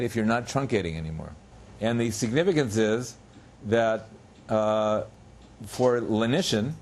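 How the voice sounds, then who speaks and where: A man giving an academic lecture in a university seminar room, explaining step by step with pauses and small restarts, slowing down to spell out example words. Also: mid-range voice, a little mellow. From United States. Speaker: guest lecturer.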